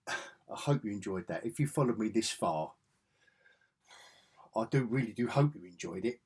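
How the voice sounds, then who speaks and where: A man's voice: lowish voice, animated, moderate pace, long pauses, a little mellow, breathy edge. A middle-aged man vlogging a casual, rambling comic book review in a chatty, self-interrupting way.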